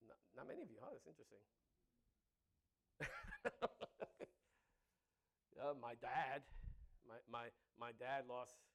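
A man's voice: medium pitch, fairly bright tone. A middle-aged man preaching a sermon, joking with the crowd, laughing often and repeating his words.

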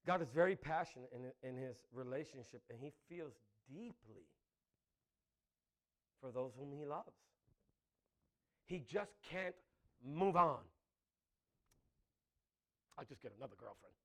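A man preaching a sermon with passion, moving between loud emphatic lines and soft, intimate ones, laughing between points. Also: fairly high pitch, unhurried, long pauses. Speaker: pastor.

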